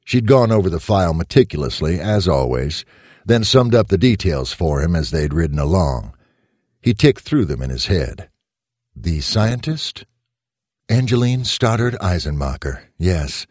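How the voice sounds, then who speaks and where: A man narrating a short story in an expressive audiobook style. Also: low voice, moderate pace, slightly rough, dry recording, clean studio sound.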